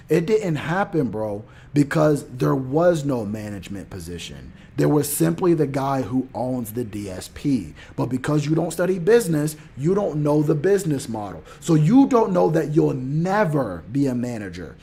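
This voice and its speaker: A man telling a story in an animated rant, acting out what people said and swinging between loud outbursts and mumbling asides. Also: a little high, normal speed, vocal fry, few pauses, breathy edge. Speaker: motivational podcaster.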